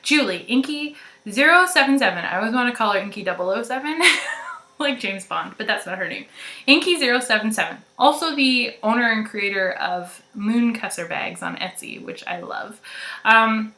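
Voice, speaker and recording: A young woman hosts a knitting podcast in a chatty, meandering way, full of ums and little giggles. Her voice is bright and forward. It rings in an echoey room. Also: fairly high pitch, lively intonation, normal speed. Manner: chatty and rambling, many ums, giggles often. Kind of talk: casual chat to viewers.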